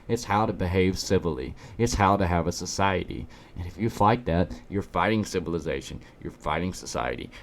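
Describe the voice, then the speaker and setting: A man's voice: low voice, a little fast, few pauses, a little hiss or hum. A man giving a ranting opinion commentary, emphatic and sarcastic, hammering at his points with repeated rhetorical questions. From United States. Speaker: political commentator.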